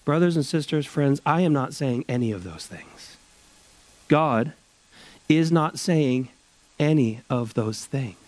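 A man preaching a sermon at a church service, drawing out key phrases slowly for emphasis. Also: medium pitch, lively intonation, a little mellow, no room sound. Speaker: pastor.

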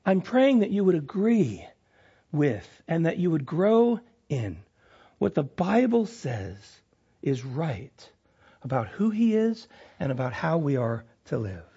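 A man preaching a sermon to his congregation as pastor, swinging between emphatic lines and hushed ones. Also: fairly high pitch, sing-song, slow pace, husky. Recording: lo-fi dull sound.

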